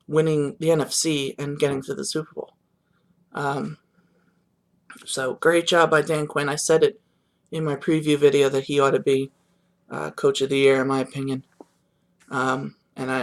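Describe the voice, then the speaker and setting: In a casual reaction monologue, a young man vlogs about the games, sounding subdued and let down as he rambles with lots of fillers and restarts. His voice is fairly high and gravelly.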